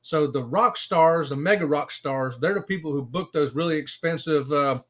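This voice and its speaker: A man co-hosting a casual live stream, greeting viewers in the chat and talking in a lively way. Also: on the high side, normal speed. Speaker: co-host of cruise live stream.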